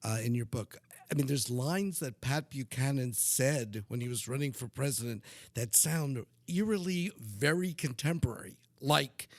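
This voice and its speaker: Gravelly man hosting, dry sound. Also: medium pitch, expressive, normal speed, no room sound. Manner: long, meandering questions. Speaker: podcast host. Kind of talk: casual interview chat.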